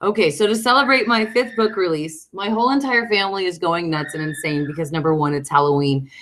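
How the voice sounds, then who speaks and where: A woman's voice: fairly quick, a little hiss or hum. Chatty American woman at home. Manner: chatty and excitable, breaking off to call her dog in a high coaxing voice. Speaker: author hosting a book release live stream. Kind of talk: casual live stream chat. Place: room at home.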